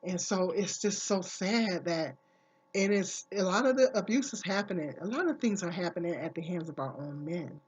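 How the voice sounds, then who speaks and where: A woman's voice: lowish voice, slightly rough, muffled recording. Earnest woman vlogger, repeating herself. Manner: earnest, emphatic, repeats key phrases. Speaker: vlogger giving advice. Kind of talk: casual talk to camera.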